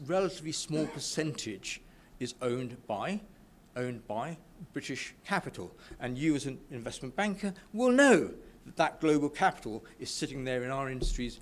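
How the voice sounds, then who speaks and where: A man from the UK talks to a business crowd with eager enthusiasm, often tripping over his words and starting sentences again. His voice sits at an ordinary middle pitch. A faint background noise runs beneath him. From United Kingdom. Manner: enthusiastic, stumbles and restarts often. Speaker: speaker at a business networking event. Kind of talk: informal speech to an audience. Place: event room with a live audience.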